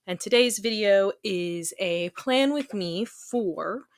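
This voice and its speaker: A woman's voice: mid-range voice, slow pace, smooth, no echo, clean studio sound. A woman hosting a casual plan-with-me video, chatting in a rambling way with lots of ums and likes. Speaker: planner YouTuber.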